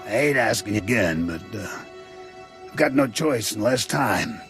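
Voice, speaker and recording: A man voicing a gruff, commanding officer in a game cutscene. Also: lowish voice, lively intonation, unhurried, fairly bright tone, soft background music. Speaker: military commander.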